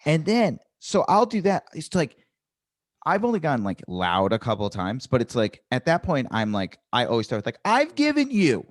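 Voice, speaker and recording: A man, a guest comedian, telling stories in an animated, ranting way in a casual podcast chat. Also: medium pitch, normal speed, no echo, clean studio sound.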